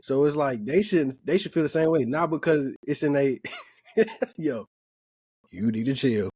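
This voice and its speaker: A man in a casual group discussion, relaxed and frank, laughing often and swearing freely. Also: mid-range voice, measured pace, husky, no echo, studio quality. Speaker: podcast co-host.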